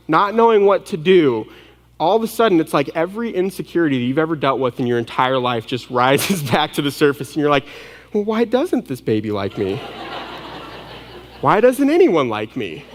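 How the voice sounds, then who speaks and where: A young man preaching a sermon, telling a story in a casual, self-deprecating way with quick asides. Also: high-pitched. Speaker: pastor. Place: large church hall. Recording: long hall reverb.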